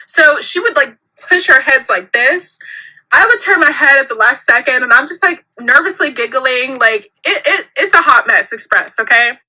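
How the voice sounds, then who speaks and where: A young woman telling a personal story in an animated, giggly way, acting out what people said. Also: high-pitched, low-quality recording. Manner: animated, giggly, acts out quotes.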